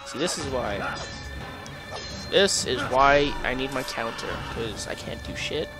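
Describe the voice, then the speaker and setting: In casual let's-play commentary, a man chuckles, rambles and answers back to the video game he's playing. He speaks at a measured pace in an expressive, medium-pitched voice, over loud game music.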